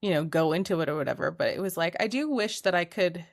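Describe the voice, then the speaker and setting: A woman co-hosting a podcast in relaxed, casual chat, peppering her talk with "like". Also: lowish voice, fast talker. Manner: relaxed and laid-back, heavy use of "like". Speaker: podcast co-host.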